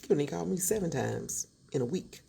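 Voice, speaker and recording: A woman's voice: low voice, lively intonation, quick pace, vocal fry, warm tone, a little hiss or hum. A woman telling a true story in a dramatic, sassy storytime style, acting out each voice. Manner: dramatic, sassy, acts out every voice. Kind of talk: animated storytime.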